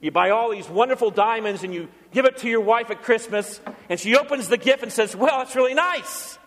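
A man's voice: high voice, brisk, long reverb tail. A man preaching a sermon as pastor, earnest, now and then acting out the voices of people he quotes.

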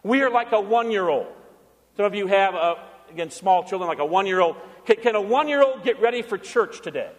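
High-voiced man preaching in echoing church. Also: animated, fairly quick. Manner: asks the congregation questions and answers them himself. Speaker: pastor. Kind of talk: sermon. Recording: long church reverb.

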